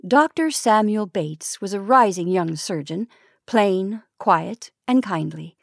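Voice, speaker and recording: A woman from the San Francisco Bay Area reading vintage short stories aloud in a measured storytelling manner, lightly voicing the dialogue. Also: mid-range voice, animated, vocal fry, dry recording, studio quality. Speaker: narrator.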